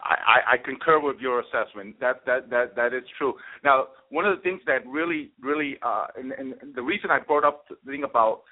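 A man's voice: medium pitch, brisk, few pauses. A man hosting a talk radio interview, repeating and restarting his words often. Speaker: radio host. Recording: tinny phone-line sound.

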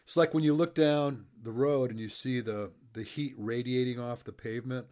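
A man's voice: mid-range voice, fairly even intonation, moderate pace, a little mellow. A middle-aged man interviewing a guest and coaching, telling loose, joking stories in a casual chat. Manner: chatty storyteller, loose and joking.

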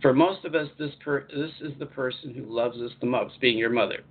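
A man who works as a spiritual life coach hosts a live online talk show, speaking in a chatty, repetitive style with lively emphasis. His voice is mid-range and brisk, and the narrow, tinny audio has a little hiss or hum.

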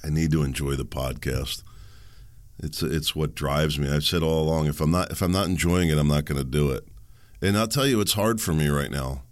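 A man's voice: very deep voice, moderate pace, no echo, studio quality. A middle-aged man hosting a solo podcast, rambling and ranting sarcastically, chuckling at his own asides. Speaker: podcast host.

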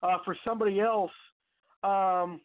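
A man's voice: high-pitched, steady tone, a little slow. A man hosting an online radio show, telling a personal story in a rambling, casual way with many fillers and restarts. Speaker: podcast host. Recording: tinny phone-line sound.

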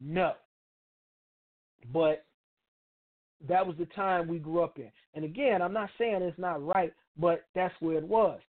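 A man's voice: high-pitched, measured pace, long pauses. Blunt profane man on a tinny line. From Chicago, United States. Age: middle-aged. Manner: blunt, profane, street slang. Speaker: radio show host. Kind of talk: opinionated monologue.

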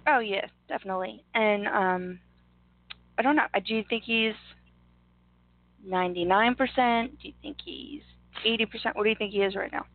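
A woman's voice: medium pitch, normal speed, no echo. A woman co-hosting a talk show, adding short, supportive remarks in casual chat. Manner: brief supportive interjections. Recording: dry, tinny phone-like sound.

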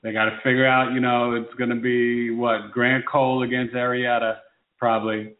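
A man co-hosting a casual sports chat, animated and teasing, quick to exclaim. His voice comes through thin and phone-like. It also rings in a roomy, echoey space. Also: mid-range voice. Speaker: sports talk show co-host. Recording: phone-like tinny echoey sound.

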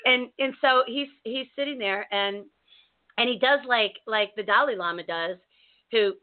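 A woman co-hosting a talk show, telling a story in a casual, animated way with many restarts. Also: fairly high pitch, unhurried. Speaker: co-host. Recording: narrow phone-like sound.

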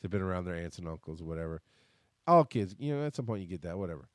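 A man's voice: low voice, animated, racing, no echo, studio quality. A man in his thirties hosting a podcast, talking bluntly and rambling through a casual personal monologue, swearing freely. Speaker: podcast host. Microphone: headphones and desk mic.

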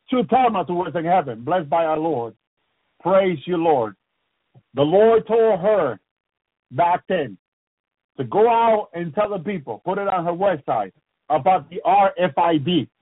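A man's voice: high-pitched, slightly rough, dry recording. A man preaching about the end times on a radio program, fervent and repetitive, breaking in often with praises to the Lord. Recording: tinny phone-like radio broadcast.

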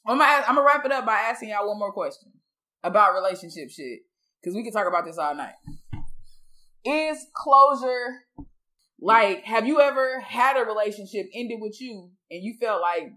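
A woman's voice: mid-range voice, brisk, pushed and bright. A woman co-hosting a casual talk show, speaking candidly and thoughtfully in loose slang. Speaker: podcast co-host. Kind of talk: casual chat.

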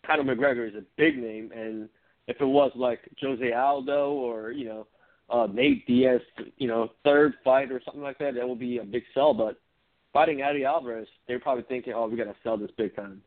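A man co-hosting a casual combat sports podcast, animated and laughing often. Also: medium pitch, fairly quick. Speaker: co-host. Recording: phone-like narrow sound.

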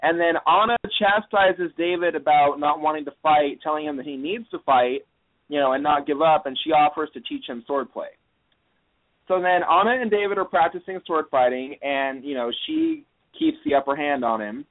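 A man's voice: on the high side, animated, moderate pace. A man hosting a podcast, recapping an episode in a casual, rambling way full of fillers. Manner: rambling, lots of "you know" fillers. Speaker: podcast host. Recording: tinny phone-like line.

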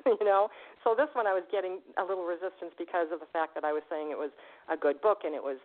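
A woman hosting a radio show, chatting with a caller and telling stories in a lively way, laughing often. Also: fairly low pitch. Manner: fast, animated storytelling, laughs often. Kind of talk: casual radio interview chat. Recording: tinny phone line.

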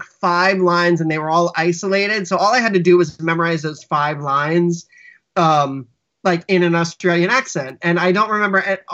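High-pitched and a bit bright, this man's voice carries casual, meandering stories in a podcast interview. A writer and actor, he restarts often and leans on fillers, and the recording is dull and lo-fi.

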